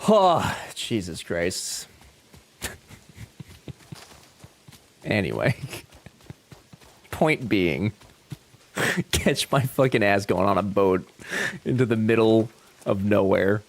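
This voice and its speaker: A man's voice: on the low side, animated, drawn-out words, creaky, pauses often, a little hiss or hum. A man streaming a game from home, chatting casually with his viewers and joking with lots of swearing. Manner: joking and profane, talks back to chat. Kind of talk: casual live-stream chat.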